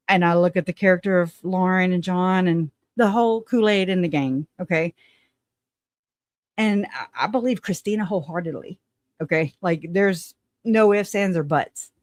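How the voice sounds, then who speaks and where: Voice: medium pitch, dry recording, clean studio sound. A livestream host chatting casually and bluntly, reading out viewer comments, swearing and laughing often.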